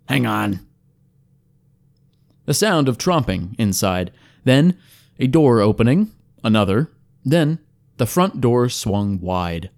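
A man's voice: medium pitch, big pitch swings, slow pace, darkish tone. Man narrating a wry fantasy tale. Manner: wry, storytelling. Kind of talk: scripted narration.

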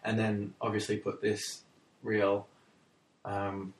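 Brief: young Aussie bloke, lowish voice, chatty and halting, recorded off-mic in a roomy space. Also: male voice, completely flat delivery, far from the mic. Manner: hesitant, lots of fillers. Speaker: co-host discussing ad ideas. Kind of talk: casual chat.

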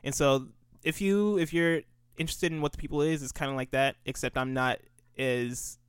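A man's voice: mid-range voice, fairly even intonation, normal speed, clean tone, no room sound, clean studio sound. A man in casual podcast chat, plugging his shows with a rambling, filler-heavy, laid-back manner. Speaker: podcast co-host.

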